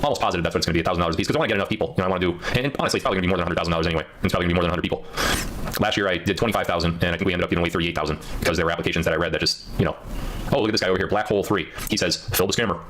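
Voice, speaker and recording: A man's voice: deep voice, very fast, a bit bright. A man livestreaming in casual chat, rambling and reading out viewer comments.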